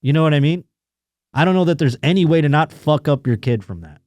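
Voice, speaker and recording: A man's voice: fairly high pitch, expressive, fast talker, darkish tone, no echo. Crude, sarcastic male podcast host. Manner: crude, sarcastic riffing between read-out articles. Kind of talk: casual comedic chat reading news stories.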